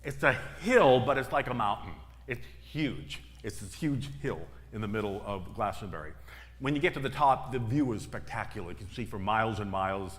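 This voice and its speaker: A middle-aged minister with a fairly low pitch and lively intonation preaches at a moderate pace. He tells stories punctuated by emphatic, repeated phrases, his voice echoing through a reverberant church sanctuary.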